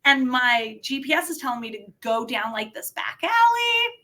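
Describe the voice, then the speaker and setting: A woman wrestler telling a story casually as a podcast guest, animated and laughing, with lots of filler words. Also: high-pitched, normal speed.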